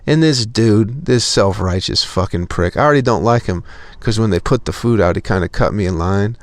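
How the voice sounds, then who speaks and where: A man's voice: fairly low pitch, moderate pace, dry recording, clean studio sound. A young man telling a profane, exasperated story as a podcast host in a casual comedic rant.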